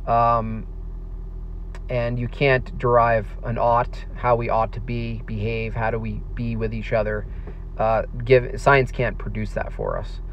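An American man casually answering viewer questions on a stream, halting with many fillers and restarts. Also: mid-range voice, level tone, lo-fi sound, a little hiss or hum. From United States. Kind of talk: casual livestream chat.

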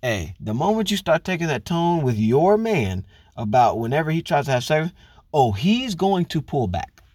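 A man's voice: a little high, sing-song, normal speed, darkish tone, no room sound, studio quality. A man giving a blunt, profane relationship monologue, lecturing his listeners with pointed rhetorical questions. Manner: talks straight to women listeners, rhetorical questions. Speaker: commentator on relationships. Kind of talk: casual monologue.

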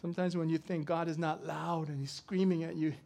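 A middle-aged man preaching a sermon, swinging from loud to soft as he tells a story. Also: on the high side, flat delivery, brisk, vocal fry. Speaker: pastor.

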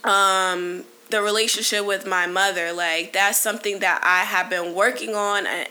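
A woman's voice: mid-range voice, steady tone, normal speed, bright, forceful tone. A woman in her late twenties hosting a solo podcast, talking candidly in a rambling, casual way with many fillers and restarts. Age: 20s. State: briefly emotional. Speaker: podcast host.

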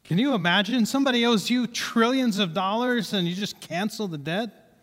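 A man's voice: high-pitched, moderate pace, fairly bright tone. A male pastor gives a sermon with a slightly raised voice. He talks in a conversational tone and repeats key points for emphasis. His voice echoes with the long reverb of a large hall.

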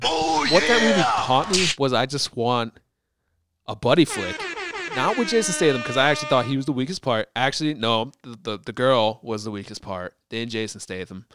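A man's voice: medium pitch, brisk, heavy background noise. A man co-hosting a podcast, chatting casually and profanely about a movie, often slipping into mocking impressions. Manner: animated, profane, mimics movie characters. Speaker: podcast co-host.

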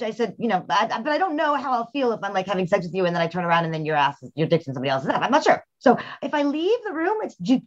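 A quick-talking woman with a fairly high, very lively voice, swooping up and down as she tells frank stories as a podcast host. The sound is a little dull and lo-fi. She laughs often and speeds through her anecdotes. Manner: frank, animated storytelling with laughs. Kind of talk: casual chat.

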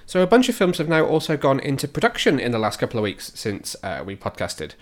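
Male podcast host, mid-pitched, casual and joking while rattling off film news. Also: huge pitch swings, fast.

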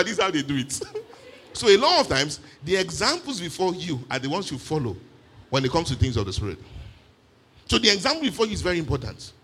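A man preaching a sermon in an animated way, with frequent exclamations of praise. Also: high voice, vocal fry, slightly rough.

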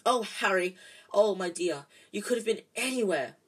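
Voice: medium pitch, expressive, brisk, fairly bright tone. A reader voicing an anxious, fussy mother witch who speaks sharply, in an amateur audiobook. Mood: frantic.

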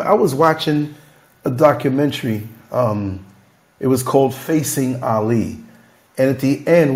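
A man's voice: mid-range voice, darkish tone. A man hosting a candid podcast conversation, telling stories in an emphatic, emotional, freewheeling way. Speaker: podcast host.

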